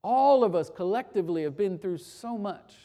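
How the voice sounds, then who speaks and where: Warm and animated, a medium-pitched pastor speaks at a moderate pace while leading a closing prayer and recounting an anecdote. His conversational sermon is marked by frequent restarts of phrases.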